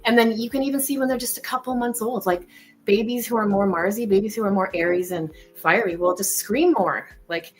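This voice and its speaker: Woman guest, mid pitch, chatty and animated, swears casually. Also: brisk, soft background music, poor audio. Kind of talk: casual chat.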